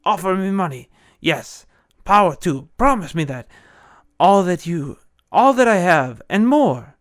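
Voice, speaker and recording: A man voicing a cornered nobleman villain who pleads in a rushed way. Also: high-pitched, sing-song, pushed and bright, no echo, clean studio sound, voice pushed up, heavily acted. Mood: pleading. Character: cornered nobleman villain begging for his life.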